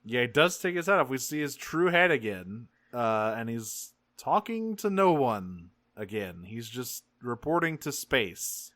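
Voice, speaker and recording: A medium-pitched male voice, recorded dry. He co-hosts a podcast and recaps a cartoon episode in casual, profane banter, animatedly acting out the characters' lines in quick voices.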